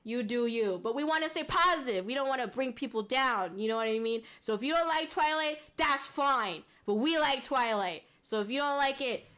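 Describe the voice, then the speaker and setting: A young woman streamer chatting casually with her viewers, excitable and laughing often. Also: sits high, moderate pace, hardly any pauses, clear, resonant tone. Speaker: VTuber streamer. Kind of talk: casual livestream chat.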